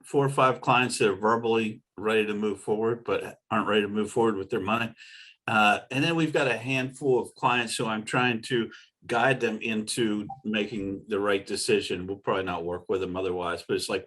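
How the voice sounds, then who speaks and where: A man's voice: lowish voice, steady tone, moderate pace, fairly bright tone. A man, an agency owner, speaking bluntly with dry humor in a casual video call chat.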